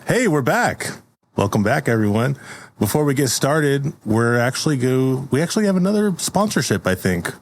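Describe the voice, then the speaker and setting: A man's voice: mid-range voice, big pitch swings, normal speed, a little hiss or hum. Laughing, playful male podcast host. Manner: playful, laughs often, stumbles over words. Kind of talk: casual podcast chat and story recap.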